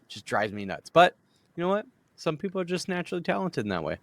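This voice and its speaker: A man's voice: on the high side, big pitch swings, fast, no room sound. A man co-hosting a podcast, ranting in a fired-up, swearing casual way. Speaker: podcast co-host.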